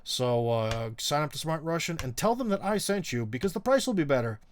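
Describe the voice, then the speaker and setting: A man's voice: a little high, lively intonation, fairly quick, slight background noise. A middle-aged man hosting a live stream, chatting casually and reading viewer comments in a rambling, wry way, full of ums and uhs. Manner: wry, teasing.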